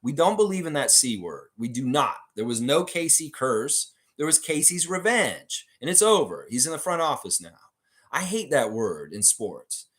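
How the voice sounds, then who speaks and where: A man's voice: mid-range voice, very animated, normal speed, a bit bright. A man hosting a live-stream sports chat. He reads viewer comments aloud and gives blunt, opinionated replies into a desk microphone. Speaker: host of a fan channel live stream.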